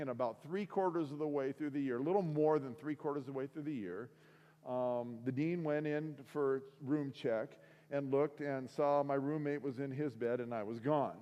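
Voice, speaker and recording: A middle-aged man from the Seattle area gives a sermon as a relaxed, self-mocking storyteller who uses many fillers. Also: on the high side. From Seattle area, USA. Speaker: week of prayer speaker. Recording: long hall reverb.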